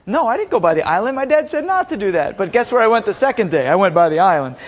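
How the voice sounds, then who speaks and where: A young man with a high voice giving a storytelling sermon. He talks in an animated way, acting out quoted lines with shouts and laughter before settling into prayer. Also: fast. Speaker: speaker at a school chapel.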